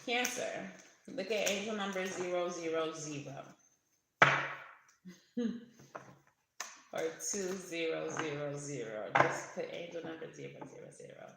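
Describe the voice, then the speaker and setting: Tarot reader, casual reading, chatty, curses casually, gravelly, big room echo. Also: mid-range voice, unhurried, pauses often, heavy background noise. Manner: chatty, laughs often, swears casually. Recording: very echoey room.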